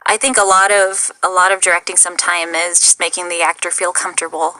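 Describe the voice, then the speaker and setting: A woman's voice: on the low side, level tone, quick pace, bright, forceful tone, no echo, low-quality recording. A young woman voice actor and director chatting casually in an interview, self-deprecating and full of fillers.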